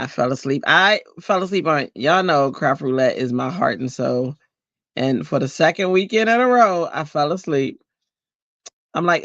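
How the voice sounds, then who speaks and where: A chatty man talks on a home crafting livestream, his voice a bit high and gravelly. He rambles with many fillers and greets viewers. The sound is dry and a little dull. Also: fairly bright tone, no room sound. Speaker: card-making livestream host. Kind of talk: casual livestream chat while crafting.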